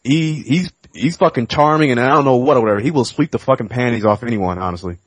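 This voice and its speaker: A man co-hosting a podcast, talking in casual, profane, animated chat and laughing often. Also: medium pitch, fast, dry recording. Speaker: podcast co-host.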